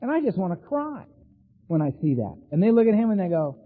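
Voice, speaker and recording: A middle-aged man with an animated, laughing storytelling manner, speaking at a recovery meeting. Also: high voice, a little fast, pauses often. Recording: phone-like sound in a long-reverb hall.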